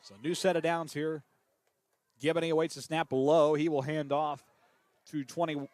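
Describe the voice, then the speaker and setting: A man calling high school football play-by-play who gets excitable and climbs in pitch on big plays. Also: normal speed, no room sound. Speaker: play-by-play announcer.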